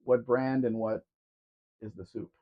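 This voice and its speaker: A man's voice: mid-range voice, fairly even intonation, measured pace. Offhand man chatting on a lo-fi stream. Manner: offhand, musing commentary on cars. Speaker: live stream co-host. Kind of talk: casual live Q&A chat. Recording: dull lo-fi stream audio.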